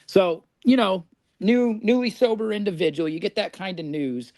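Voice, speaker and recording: A man's voice: on the high side, big pitch swings, normal speed, darkish tone, dry recording. A man in his forties from Indiana, a podcast guest telling stories casually and chuckling at his own tales. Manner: chatty, laughs through his own stories. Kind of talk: casual storytelling.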